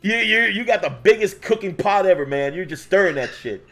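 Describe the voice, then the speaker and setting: A man hosting a casual livestream, bantering loudly and laughing as he teases his guests. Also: sits high, lively intonation, fairly quick, soft background music. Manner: loud, laughing, teasing. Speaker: host.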